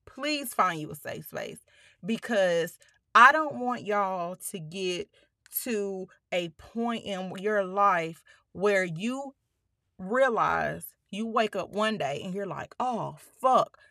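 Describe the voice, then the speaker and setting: Bright, slow-spoken woman telling her story. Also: medium pitch, animated, no room sound, studio quality. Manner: emphatic, addresses listeners as y'all, frequent swearing. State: holding back tears. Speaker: podcast host. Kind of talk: personal storytelling monologue.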